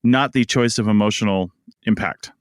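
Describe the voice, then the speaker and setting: A man's voice: fairly low pitch, normal speed, clear, resonant tone, no room sound, studio quality. A man co-hosting a podcast, making his point conversationally and checking in with his listener often. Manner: conversational, keeps asking "you know what I mean". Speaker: podcast co-host. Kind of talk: casual podcast discussion.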